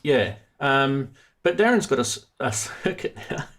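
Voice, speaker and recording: A man's voice: medium pitch, sing-song, measured pace, crowd noise. A man hosting a live stream about synth modules, chatting casually and rambling with many restarts. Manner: rambling, self-interrupting, chatty.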